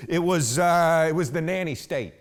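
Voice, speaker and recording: A man's voice: a little high, moderate pace, natural voice. A man acting a one-man stage monologue as a rambling blue-collar husband talking to a police officer, saying "man" constantly and restarting his sentences. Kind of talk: theatrical monologue.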